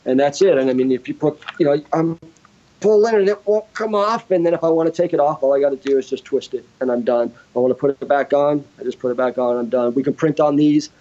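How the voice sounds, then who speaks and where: Talking fast in a higher-than-average voice, this man is a guitarist and inventor telling a story as an interview guest. He animatedly performs everyone else's quoted lines in a casual chat recorded, somewhat muffled, in a home studio.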